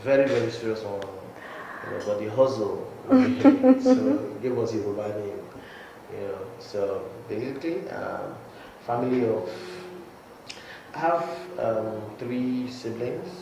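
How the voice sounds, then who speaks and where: A man's voice: lowish voice, unhurried, creaky, noisy background. A man from Nigeria with a Nigerian accent, a comedian chatting easily as a guest and laughing between stories. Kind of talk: casual interview chat. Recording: echoey studio room.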